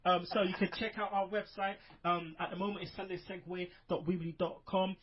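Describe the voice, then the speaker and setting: A man's voice: high-pitched, level tone, fairly quick, highs cut off, slight background noise. Upbeat man hosting a podcast. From United Kingdom. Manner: rambling, filler-heavy, upbeat. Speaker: podcast host. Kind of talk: casual podcast chat. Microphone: online call.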